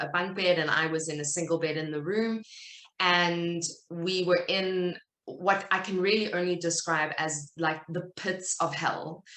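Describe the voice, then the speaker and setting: A woman with a South African accent speaks earnestly and conversationally to an online audience, often restarting her sentences. Her voice sits low but sounds bright and forceful. She is heard on a video call from an echoey room. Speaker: speaker at a virtual event. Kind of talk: personal talk to an online audience.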